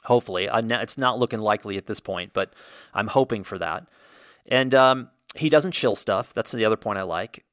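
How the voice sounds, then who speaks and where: A man's voice: fairly low pitch, normal speed, a bit bright, no echo, studio quality. A man hosting a solo podcast, talking in a blunt, opinionated way and ranting with the odd mild swear. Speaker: podcast host.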